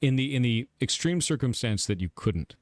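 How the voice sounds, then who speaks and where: A man interviewing a guest, halting and repeating words as he asks, played from a clip. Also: medium pitch, animated, dry recording, clean studio sound. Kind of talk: interview question.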